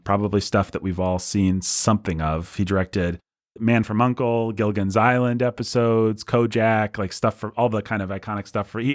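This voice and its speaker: Lower-voiced man telling film history casually. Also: no room sound, clean studio sound. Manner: enthusiastic storyteller, breezy and conversational. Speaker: podcast host.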